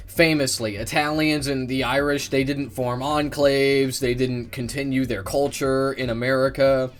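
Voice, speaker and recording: A man's voice: mid-range voice, little pitch movement, a little slow, soft background music. A man hosting a reaction stream, cutting in with mocking, profane sarcasm.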